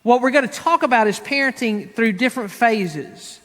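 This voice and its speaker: A high-voiced pastor in his forties with an East Tennessee accent, chatting his way through a sermon, full of "uh"s and restarts. His voice carries a long reverb through a big church sanctuary. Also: lively intonation, moderate pace, a bit bright. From United States. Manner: conversational, rambling with fillers and restarts.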